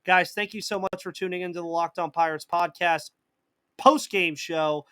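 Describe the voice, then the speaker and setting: A man's voice: high-pitched, fairly even intonation, moderate pace, sharp tone, clear, resonant tone, dry recording. A man hosting a live sports podcast in casual chat, reading out viewer comments and answering them, with a slight cough. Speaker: podcast host.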